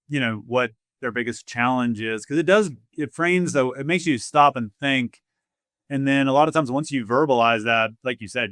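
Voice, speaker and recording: A man's voice: medium pitch, fairly bright tone, smooth, dry recording, clean studio sound. A man hosting an interview podcast, casual and affirming, with many fillers as he talks. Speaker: podcast host. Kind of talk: conversational interview.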